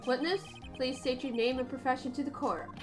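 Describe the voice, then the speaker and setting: A judge, played by a woman, speaks formal, measured lines in a high voice. Faint game music runs underneath. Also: steady tone, natural voice.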